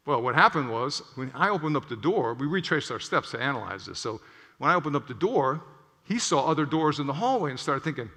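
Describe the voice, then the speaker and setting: Bright-voiced man giving a stage talk. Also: on the high side, quick pace. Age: middle-aged. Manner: animated storytelling, tags lines with "okay?". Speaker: physician speaker. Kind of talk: conference talk. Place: large auditorium stage. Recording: echoey auditorium.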